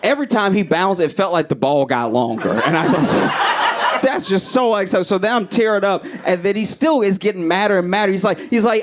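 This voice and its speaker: A man performing an animated stand-up comedy set on a club stage, acting out the people in his stories. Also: a little fast. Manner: animated storytelling, acting out voices, pitch swings up and down. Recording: live club recording with clear audience noise. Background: audience laughter.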